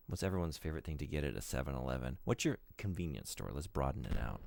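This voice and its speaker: A man's voice: rumbling low, sing-song, fast, vocal fry, few pauses, no echo. A young man streaming a game, joking and teasing his viewers in casual chat.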